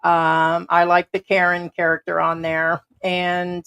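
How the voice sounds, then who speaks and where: A woman's voice: fairly low pitch, monotone, slow pace, fairly bright tone, clean tone. Chatty, blunt American woman host. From United States. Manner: rambling, blunt and chatty, with casual swearing. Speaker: livestream host. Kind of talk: casual livestream chat.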